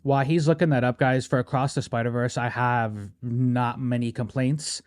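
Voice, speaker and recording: A man's voice: medium pitch, steady tone, normal speed, no echo, clean studio sound. A man hosting a podcast, chatting casually and animatedly, peppering his talk with "bro" and "right?". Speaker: podcast host. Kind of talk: casual chat.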